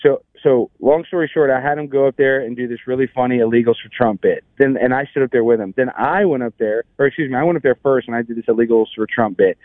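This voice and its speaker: A man's voice: medium pitch, quick pace, hardly any pauses, no room sound. Exasperated man ranting over a phone line. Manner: rambling, exasperated, many restarts. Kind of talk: casual storytelling.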